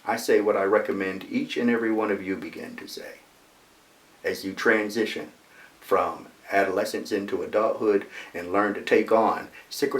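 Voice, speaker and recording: A man in his sixties gives a personal storytelling speech as a motivational speaker, animated and emphatic, with repeated phrases for effect. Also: on the low side. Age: 60s. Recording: roomy echo, mic far off.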